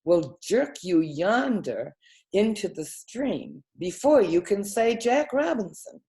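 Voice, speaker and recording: A woman's voice: mid-range voice, sing-song, slow, warm tone, pitched above the performer's own voice. A woman doing a wordy, formal python. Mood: urgent. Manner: formal, long-winded. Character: old-fashioned, wordy male python snake.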